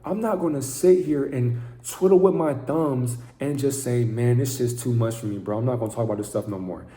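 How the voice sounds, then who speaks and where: A man's voice: medium pitch, a little fast, mellow, echoey room. A man giving an intense, profane, preaching monologue to camera as a vlogger.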